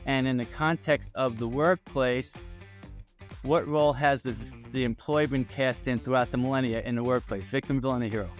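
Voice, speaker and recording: A man's voice: medium pitch, moderate pace, soft background music. A man in his sixties with a New York accent, telling stories and asking rhetorical questions as a podcast guest. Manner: energetic, storytelling, rhetorical questions. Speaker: guest, employment attorney. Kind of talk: podcast interview.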